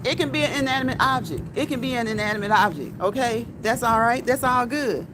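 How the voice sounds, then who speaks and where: High-voiced woman chatting on a walk. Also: fairly quick. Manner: chatty, repeats phrases, ends lines with "okay?" and "right?"; reads viewer comments aloud. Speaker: live-stream host. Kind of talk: casual live-stream chat while walking. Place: outdoors near a street and train tracks. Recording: outdoor street with traffic noise. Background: passing cars and a train.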